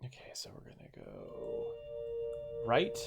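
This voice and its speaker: A man's voice: slow, whispered, loud music behind the voice. A man casually commenting while playing a video game, muttering directions to himself with sudden surprised exclamations. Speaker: gaming streamer. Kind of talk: casual let's-play commentary.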